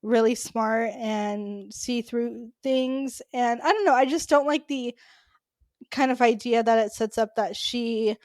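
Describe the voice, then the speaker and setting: A woman's voice: fairly high pitch, slow, a little mellow, no echo. A woman co-hosting a podcast, talking in a casual, chatty way with many "like" fillers. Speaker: podcast co-host. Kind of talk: casual chat.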